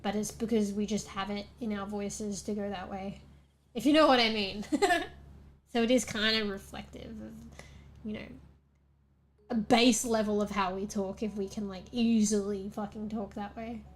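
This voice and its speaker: A woman's voice: mid-range voice, steady tone, moderate pace. A young Australian woman chatting casually on a stream, rambling, swearing often and laughing between thoughts. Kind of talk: casual chat.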